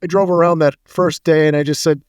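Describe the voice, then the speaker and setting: A middle-aged man co-hosting a podcast keeps things casual and jokey, telling stories peppered with puns, dad jokes and quick asides. He speaks a little high in a level, clean tone, recorded in a clean studio with no room sound.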